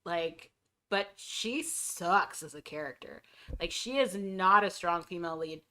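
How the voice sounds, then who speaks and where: A woman with a bright, forward voice co-hosting a book club podcast. She makes dry, matter-of-fact remarks in easy conversation. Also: on the low side, a little slow. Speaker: podcast co-host. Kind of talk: casual book club chat.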